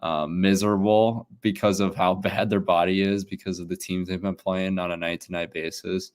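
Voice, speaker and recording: A man's voice: low-pitched, little pitch movement, normal speed, clean tone. A man co-hosting a sports podcast, chatting casually, rambling a bit, laughing and swearing now and then. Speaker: podcast co-host.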